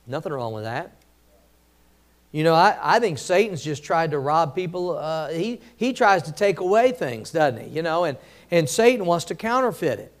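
A man's voice: fairly high pitch, very animated, unhurried. A man preaching a sermon in a conversational way, with many restarts and emphatic questions to the congregation. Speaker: pastor.

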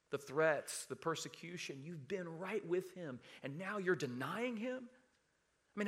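A man preaching a sermon, calling on the congregation to say verses with him, swinging from loud emphasis to hushed quiet. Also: mid-range voice. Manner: preaching with rising emphasis and audience call-and-response. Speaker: pastor.

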